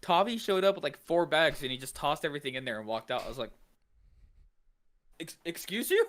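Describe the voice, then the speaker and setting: A man co-hosting a podcast in casual chat, telling stories in an animated, profane way. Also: on the high side, quick pace. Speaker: podcast co-host.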